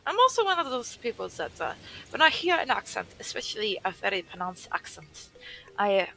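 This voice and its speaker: A woman's voice: medium pitch, sing-song, brisk, vocal fry, sharp tone, faint music behind, low-quality recording. A woman streamer chatting while gaming, speaking in a put-on stereotypical German accent with stiff, formal phrasing. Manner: formal, slightly stilted phrasing. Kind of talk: casual chat while gaming.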